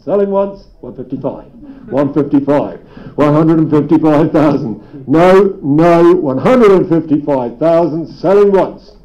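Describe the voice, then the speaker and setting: A man working as an auctioneer, rattling off bids at a live property sale with playful banter. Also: on the high side. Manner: brisk bid-calling with playful banter. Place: auction room. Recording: dull lo-fi live stream sound.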